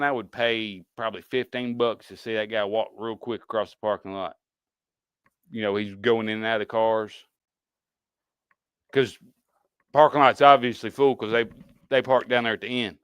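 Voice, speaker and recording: Host type, sarcastic rambler with a bright, smooth, dry-miked voice. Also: male voice, fairly low pitch, dry recording. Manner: sarcastic, mocking, rambling with restarts. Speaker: podcast host. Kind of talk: casual commentary.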